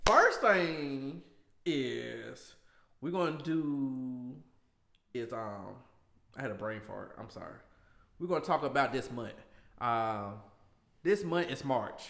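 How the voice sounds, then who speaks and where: A man's voice: mid-range voice, creaky, fairly bright tone, echoey room. A man co-hosting a casual podcast, joking and playful, throwing in catchphrases and sound effects. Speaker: podcast co-host.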